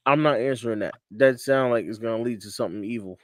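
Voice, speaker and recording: A man's voice: mid-range voice, fast, dry recording. A man from Connecticut hosting a casual sports chat show, laid-back and repeating himself, laughing often. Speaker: podcast host. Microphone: studio mic on a livestream.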